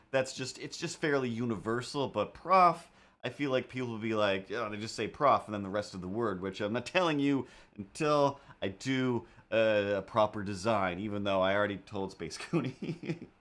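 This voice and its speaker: A man hosts a live stream while he draws, rambling casually between tasks. He mutters playful asides to himself and hums little nonsense sounds. His voice sits at an ordinary middle pitch. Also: fairly bright tone. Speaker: live-stream artist host.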